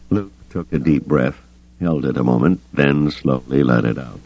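Deep-voiced man reading an audiobook. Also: normal speed, gravelly, no echo. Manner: expressive reading, voicing characters. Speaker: audiobook reader. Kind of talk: scripted narration. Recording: dull lo-fi cassette tape.

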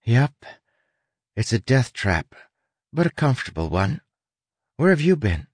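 A man's voice: medium pitch, sing-song, measured pace, slightly rough, no room sound, pitched above the performer's own voice. A man voicing a young woman heroine with a dry, wry manner.

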